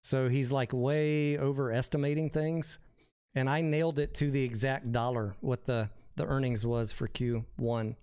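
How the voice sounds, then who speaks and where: Blunt male stream host, smooth voice. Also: mid-range voice, steady tone, normal speed, darkish tone. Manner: blunt, profane, defensive. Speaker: host of a stock market live stream. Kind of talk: casual live-stream talk.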